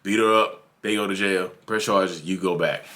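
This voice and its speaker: A man's voice: low-pitched, steady tone, normal speed, bright, forceful tone, slight background noise. A man from North Carolina with a Southern drawl, talking earnestly and repetitively to his viewers as the host of his own channel. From North Carolina, USA. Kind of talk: casual advice monologue.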